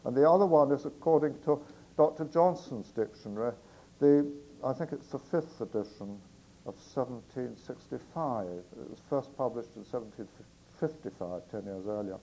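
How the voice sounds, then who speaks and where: British poet chatting between poems. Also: male voice, mid-range voice, moderate pace, mellow, slight background noise, poor audio. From Britain. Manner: chatty, digressive, with fillers. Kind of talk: poetry reading with spoken introductions.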